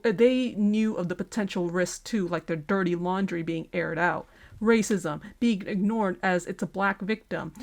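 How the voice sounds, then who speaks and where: A woman delivering a scathing, sarcastic commentary rant at other creators, swearing often and reading from a prepared statement. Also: medium pitch. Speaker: online commentator.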